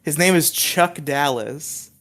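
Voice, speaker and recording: A man with a somewhat high voice talks on a loose podcast. He stammers and restarts often and laughs easily while he explains things. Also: slow pace, a bit bright. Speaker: podcast co-host. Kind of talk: casual podcast chat.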